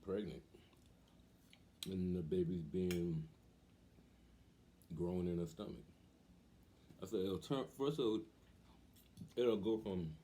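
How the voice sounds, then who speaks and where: A young man hosting a vlog, telling a casual story in an animated way and acting out the voices of the people in it. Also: low voice, a little hiss or hum. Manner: animated, acts out quoted voices. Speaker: vlog host.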